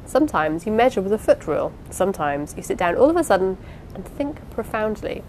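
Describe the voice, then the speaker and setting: A woman reading the part of a lively, affectionate young wife in an audiobook, eager and playful. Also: mid-range voice, fairly quick, slight background noise, poor audio.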